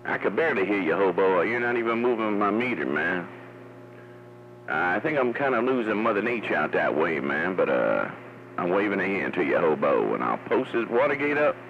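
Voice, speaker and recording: Over muffled, static-laden CB radio audio, a man chats casually in a laid-back drawl, calling everyone "man." His deep voice is brisk with big pitch swings.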